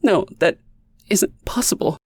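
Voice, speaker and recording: Brief: desperate frantic woman in an audiobook, a man doing a high, strained pleading voice, dry close sound. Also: animated, slow, a little mellow, breathy edge, no room sound, exaggerated voice. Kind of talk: audiobook character voice.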